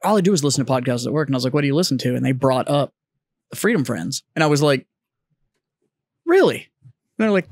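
A man co-hosting a podcast, telling a story in animated, swearing casual chat. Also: medium pitch, very fast, dry recording, clean studio sound. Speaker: podcast co-host.

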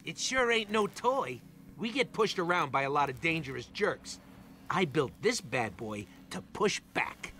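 An actor voicing a brash, hot-tempered raccoon gunsmith in a video game, with a snappy, sarcastic manner. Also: male voice, very animated, a little slow, slight background noise, exaggerated voice. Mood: gruff. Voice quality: high, gravelly and snappy. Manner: loud, scrappy and sarcastic.

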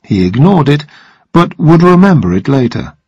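A man narrating a story in a slow, even reading voice for language learners. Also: fairly high pitch, slightly rough, no room sound, highs cut off.

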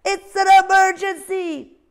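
A woman voicing a lazy young male owl in a storybook read-aloud, yelling high and shrill. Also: steady tone, a little slow. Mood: frantic.

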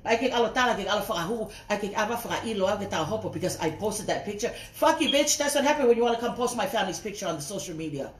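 A woman's voice: medium pitch, expressive, racing, hardly any pauses. A woman ranting on a casual livestream, swearing heatedly and breaking off to greet viewers by name. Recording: roomy echo.

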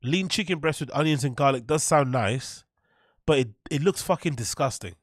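A man's voice: medium pitch, expressive, normal speed, no room sound, clean studio sound. A man reacting to a cooking video in casual, mocking commentary, sarcastic and profane and laughing at his own jokes.

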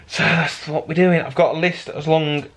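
A man's voice: on the high side, steady tone, normal speed, a bit bright. A young British man chatting casually to his vlog audience, rambling and correcting himself as he goes. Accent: British English. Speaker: vlog host. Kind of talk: casual chat to camera.

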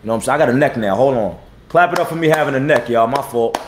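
A man in his thirties, a battle rapper hosting his own live stream. He talks blunt and profane, repeats himself and gives shout-outs to viewers, and says he is tired. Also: mid-range voice, rapid-fire, background noise. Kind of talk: casual live-stream talk.

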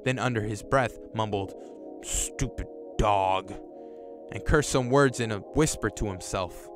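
A man's voice: lowish voice, normal speed, music in the background. A man casually reads a horror story aloud and adds his own reactions, sometimes swearing. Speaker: YouTube storyteller. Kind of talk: reading a horror story with commentary.

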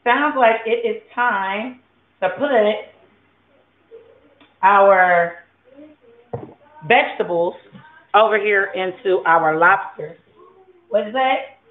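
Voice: medium pitch, slow, pauses often. A home cook, chatting loosely and with lots of swearing to viewers while cooking in a kitchen. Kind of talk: casual cooking vlog. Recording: tinny, phone-like and echoey.

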